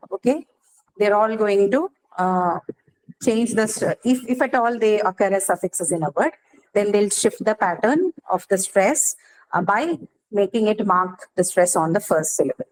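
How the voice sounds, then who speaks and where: A woman's voice: mid-range voice, a little mellow, rough recording. A woman teacher giving a lecture, explaining step by step and often checking in with her students. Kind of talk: classroom lecture.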